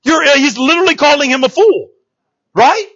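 Male preacher, very high and bright voice, casual animated sermon delivery, dull lo-fi recording. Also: brisk. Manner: animated and conversational, casual slang and rhetorical asides.

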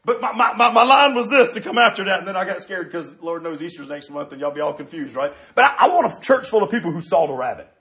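A male pastor preaching a sermon in an animated, joking way, with many restarts. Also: high voice, quick pace, few pauses.

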